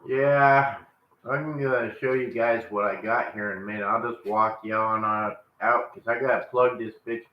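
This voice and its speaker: On his live vlog from the home kitchen and porch, a medium-pitched man with fairly even intonation chats at a moderate pace in a folksy Southern drawl, using baby talk with his dogs between remarks. The audio has its highs cut off, with room echo and faint background noise.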